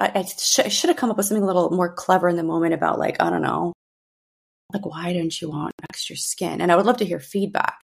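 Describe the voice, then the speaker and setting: A woman's voice: medium pitch, vocal fry, slightly rough. A woman in her thirties hosting a podcast, talking candidly about her family with frequent restarts and fillers. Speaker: podcast host. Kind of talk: personal monologue.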